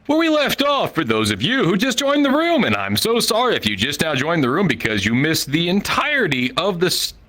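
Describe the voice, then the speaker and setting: A man's voice: a little high, wildly swooping pitch, a little fast, few pauses, pushed and bright. A man telling a crude, profane story as a stand-up comedian, from the Midwest United States.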